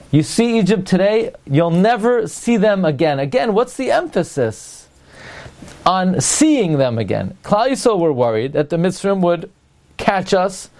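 A man with a slightly raised pitch leads a Torah lesson. He keeps asking why, sets up each point as a puzzle, and stops now and then to hunt for a word. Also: darkish tone. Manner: asks rhetorical questions, pauses to search for words. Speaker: Torah teacher. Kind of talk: Torah class lecture.

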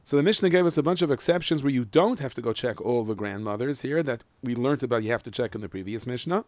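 A man teaching a Mishnah lesson in Yeshivish English with Ashkenazi Hebrew, explaining each line and chanting the Hebrew text slowly. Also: mid-range voice, animated, darkish tone, dry recording. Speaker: Torah teacher.

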